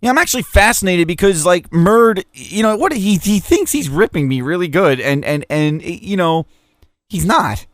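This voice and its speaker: A man hosts a loose radio show and mocks his listeners with crude, profane jabs. His voice sits a little high and the sound is dry and close. An allergy attack has him sniffling and sneezing between messages. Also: animated, normal speed, fairly bright tone, no echo. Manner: crude, mocking, profane banter. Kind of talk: casual internet radio talk reading listener messages.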